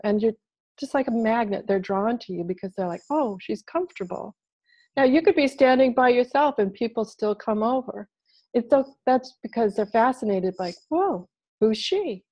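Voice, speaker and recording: A woman guest talking casually as a body language expert over a video call, animated and playing out little quoted voices. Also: on the high side, fairly quick. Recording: dull lo-fi video call audio.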